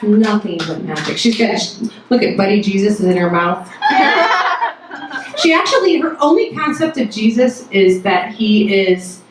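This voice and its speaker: A woman's voice: medium pitch, very animated, a little slow. A woman telling a frank, profane comic story about motherhood at a live storytelling show, laughing often. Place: live storytelling stage before an audience. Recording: very echoey venue, distant mic, noisy.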